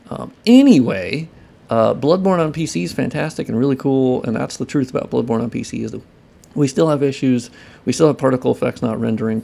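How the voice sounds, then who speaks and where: Gravelly-voiced man ranting casually. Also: mid-range voice, a little mellow. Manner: loose, ranting, profane, heated. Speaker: modder and video creator. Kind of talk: casual talking-head commentary.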